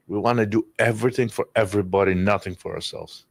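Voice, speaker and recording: A man with a low voice, speaking candidly and emotionally, with many restarts and an occasional curse. The sound is dry and close, with no room around it. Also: fairly even intonation, fast talker, gravelly, no echo. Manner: emotional, rambling with restarts and swearing. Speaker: podcast guest. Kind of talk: candid conversational storytelling.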